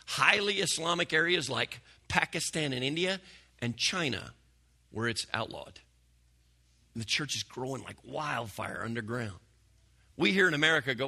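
A man preaching a sermon to a church congregation, folksy and conversational, often dropping to a hush. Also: mid-range voice, animated, normal speed, vocal fry. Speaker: pastor.

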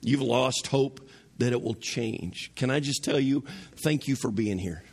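In a church sanctuary, a male pastor gives a conversational sermon, posing questions to his congregation along the way. His husky voice sits in the mid-range, and he speaks at a measured pace.

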